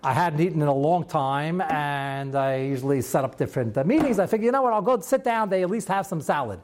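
Animated rabbi telling stories in class. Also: male voice, a little high, a little fast, noisy background. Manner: animated, chatty, sprinkled with Hebrew and Yiddish terms. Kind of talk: Talmud class lecture with storytelling.

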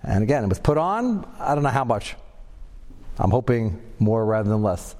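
A man gives a Torah class lecture in a mellow, relaxed voice. He is animated and leaps into a high pitch when he acts out quoted lines. His words carry a long reverb, as in a hall. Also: normal speed. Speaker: Torah teacher.

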